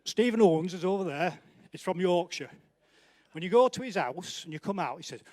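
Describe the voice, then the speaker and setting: A man's voice: high voice, lively intonation, moderate pace, a little mellow, no echo. A man hosting an awards night, doing joking live banter as he walks between the banquet tables and teases guests by name. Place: large indoor banquet hall.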